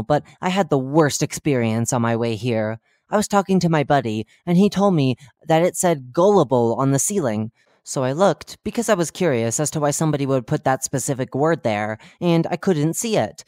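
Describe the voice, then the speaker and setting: Reading horror fiction, a narrator adopts the persona of a bright, unaware male radio host, chatting through broadcast patter and deadpan morbid jokes. His middle-pitched voice stays close to an everyday speaking voice. It's recorded close and completely dry, with no room sound.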